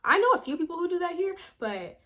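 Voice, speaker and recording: A woman's voice: very high voice, sing-song, fast talker, a bit bright. A young woman casually recapping a reality show, chatty and full of slang, acting out what people said. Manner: chatty, slangy, acts out quotes.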